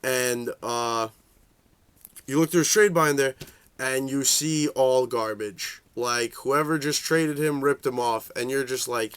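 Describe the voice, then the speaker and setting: A man's voice: slow, a bit bright, smooth. A young man giving a casual, rambling rant about trading cards, swearing a lot and filling gaps with "like" and "uh". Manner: profane, rambling, full of fillers; shifts into high voices for quoted reactions. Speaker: card game vlogger.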